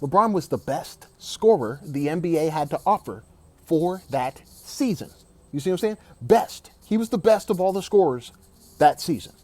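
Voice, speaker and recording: A man's voice: on the high side, expressive, moderate pace, darkish tone. A man giving an emphatic, opinionated sports rant, repeating himself and saying "dog" often. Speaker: sports commentator.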